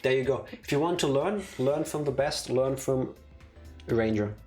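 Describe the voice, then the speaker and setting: A woman's voice: extremely low pitch, normal speed, darkish tone, faint music behind. A woman from New Jersey co-hosting a live game stream with dry, teasing banter. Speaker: streamer co-host. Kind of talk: casual live-stream chat.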